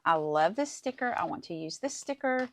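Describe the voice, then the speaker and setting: Lady doing a craft tutorial, kinda low voice, chatty, walks you thru every step. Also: expressive, moderate pace, a bit bright. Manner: chatty, talks viewers through each step. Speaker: crafting channel host.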